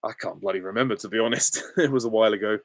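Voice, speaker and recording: A man's voice: lowish voice, rapid-fire, no room sound, clean studio sound. Easygoing, chuckling young man on a live Q&A. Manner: easygoing and chuckling, with short, offhand answers. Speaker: channel host. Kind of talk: casual live Q&A, reading out chat questions.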